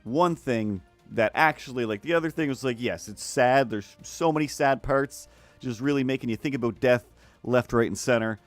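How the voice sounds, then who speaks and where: A man's voice: mid-range voice, moderate pace, dry recording, soft background music. A man chatting casually while he draws on a livestream. He rambles with lots of restarts and keeps slipping into silly voices. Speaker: art streamer. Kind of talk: casual chat while drawing.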